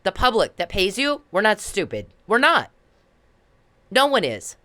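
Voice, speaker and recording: A woman rails at the police in a heated solo monologue, swearing freely and hammering the same points again and again. Her pitch sits in the middle of the usual range for a woman. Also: wildly swooping pitch, a little slow, bright, forceful tone. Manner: confrontational, repetitive, profane. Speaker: vlogger addressing police. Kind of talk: angry monologue to camera.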